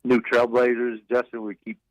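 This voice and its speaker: A man pitching trucks and SUVs on a radio show, eager and full of fillers. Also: monotone, normal speed, no echo, poor audio. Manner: enthusiastic, filler-heavy, repeats himself. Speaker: car dealership guest.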